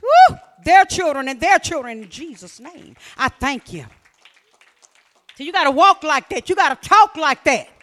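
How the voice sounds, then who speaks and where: A woman preaching a fervent sermon, repeating phrases and often shouting. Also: high-pitched, lively intonation, normal speed.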